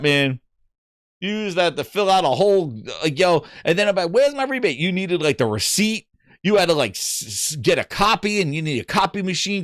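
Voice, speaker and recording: A man hosting a gaming show, telling a story in casual livestream chat, animated and swearing. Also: high-pitched, no echo, studio quality. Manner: animated, swearing, acts out voices in anecdotes.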